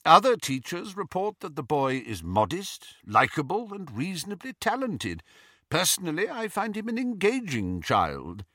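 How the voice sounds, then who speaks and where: A man reading an old wizard headmaster in an audiobook, speaking in a measured, cool and deliberate way. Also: on the high side, huge pitch swings, a bit bright, no room sound, clean studio sound, pitched above the performer's own voice, full character voice. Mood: mild. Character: old wizard headmaster, calm, cold, probing.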